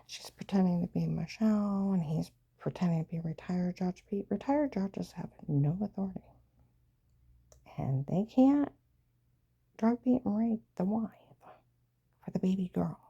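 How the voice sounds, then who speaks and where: A woman's voice: mid-range voice, a little slow, vocal fry, pauses often, mellow, breathy edge, dull audio. A woman telling a rambling, agitated personal story, often dropping into a half whisper.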